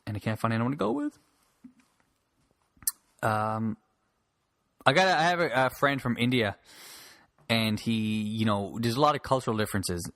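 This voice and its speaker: With a fairly low, fairly bright voice, a man rambles casually through his solo podcast, swearing freely and starting sentences over. He holds a handheld mic close, and there's no room sound.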